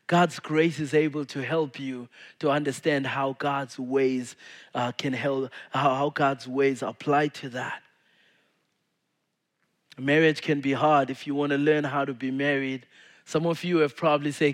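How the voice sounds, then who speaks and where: A man's voice: fairly high pitch, steady tone, unhurried. Man preaching a casual sermon. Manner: casual preaching, swings from loud to hushed. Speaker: pastor.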